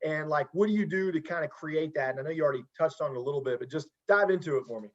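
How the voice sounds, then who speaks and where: A man's voice: on the high side, racing, muffled recording. A man hosting a casual podcast interview as a football coach, earnest and encouraging, often restarting his sentences.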